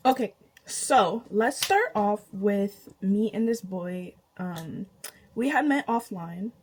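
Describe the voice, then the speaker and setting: A young woman, casually telling a storytime to her channel, animated and chatty, laughing often and jumping high in pitch with disbelief. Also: takes it slowly, low-quality recording. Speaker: vlogger.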